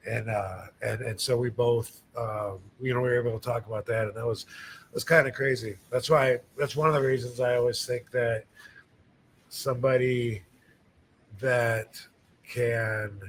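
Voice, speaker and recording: A man's voice: mid-range voice, a little hiss or hum. Laid-back man telling rambling stories. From USA, Michigan. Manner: relaxed, rambling storytelling with many fillers. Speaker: podcast host, wrestler. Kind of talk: casual chat.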